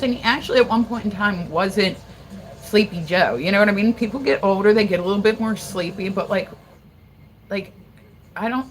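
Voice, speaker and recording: A woman from Delaware chats on a casual livestream in a mid-pitched voice. She rambles, jumps between stories and swears freely. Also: a little hiss or hum, rough recording. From Delaware, USA. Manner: profane, rambling, animated. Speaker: livestream host.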